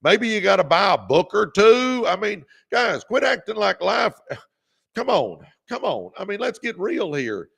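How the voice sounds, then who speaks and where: A man's voice: sits high, sing-song, a little slow, vocal fry, a bit bright, breathy edge. A man hosting a motivational livestream, urging viewers on in a revved-up, preacher-like way. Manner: revved-up preacher-like exhortation, calls out viewers by name. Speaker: podcast host.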